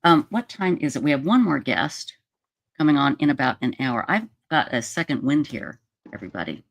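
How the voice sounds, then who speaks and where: A livestream host talks casually in a rambling, relaxed way, often trailing off. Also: mid-range voice, a little fast, vocal fry.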